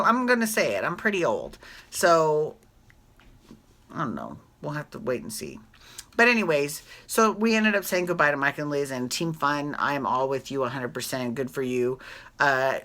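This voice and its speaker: A woman vlogger doing a casual, rambling TV recap, correcting herself often and adding animated asides. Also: very deep voice.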